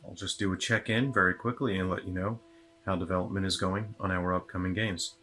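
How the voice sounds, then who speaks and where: A man's voice: sits low, steady tone, fairly quick, sharp tone. A man giving a rambling, casual video update as a solo game developer, sounding tired, with many fillers and restarts.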